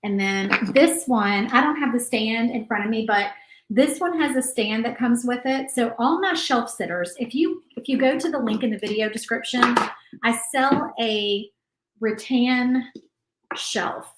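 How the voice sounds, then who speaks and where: A woman's voice: on the high side, measured pace, echoey room, low-quality recording. A woman, hosting a crafting livestream and chatting casually as she paints. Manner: chatty, thinks aloud while painting. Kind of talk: casual live crafting chat.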